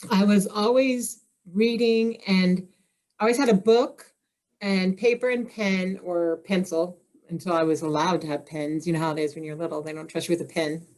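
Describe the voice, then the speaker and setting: A woman's voice: medium pitch, a little mellow. A woman from Indiana, a guest author on a podcast, chatting casually with self-deprecating humor and frequent laughter. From Indiana, USA. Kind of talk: casual interview chat.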